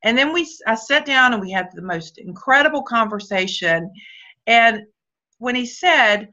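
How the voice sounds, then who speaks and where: Woman tearing up while she tells a family story, bright sharp voice, dull zoom audio. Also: mid-range voice, normal speed. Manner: emotional, about to cry, animated retelling. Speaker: company leader speaking on a video call. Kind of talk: emotional storytelling. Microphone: video call. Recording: dull lo-fi video call audio.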